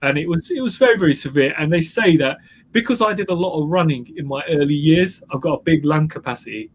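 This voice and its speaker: A man's voice: on the high side, animated, fast talker. A man who is a guest entrepreneur, telling his story in an emphatic interview style and repeating phrases for effect. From England.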